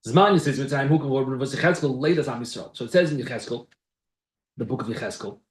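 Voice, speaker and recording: A man's voice: medium pitch, roomy sound. A man teaching a Torah class in a conversational way, reading Hebrew phrases and then explaining them in English. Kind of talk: text-based Torah class.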